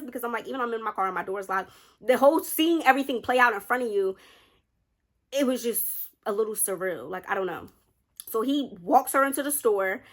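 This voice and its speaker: A young woman vlogger telling a personal story in a chatty, animated way, often speaking straight to her viewers. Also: a little high. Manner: chatty, animated, keeps addressing viewers directly. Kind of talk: casual storytime narration.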